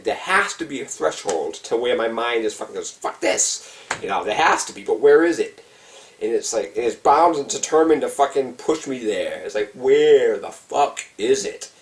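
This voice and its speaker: A man's voice: medium pitch, expressive, normal speed, distant mic, poor audio. A man telling a personal story in a casual, intense, heavily profane way, acting out his own frantic thoughts. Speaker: vlogger. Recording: voice set back from the mic.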